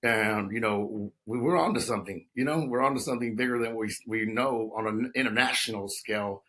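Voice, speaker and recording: A man's voice: fairly low pitch, a little fast, pushed and bright. Talkative man in his fifties. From Texas. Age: 50s. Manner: talkative, many restarts and "you know" fillers. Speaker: guest. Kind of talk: conversational interview.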